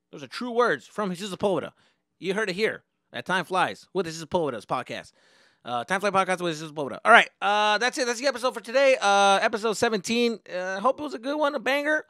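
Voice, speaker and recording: A young man hosting a podcast, telling a story in a casual, animated and profane way. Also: sits high, quick pace, no room sound, clean studio sound. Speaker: podcast host.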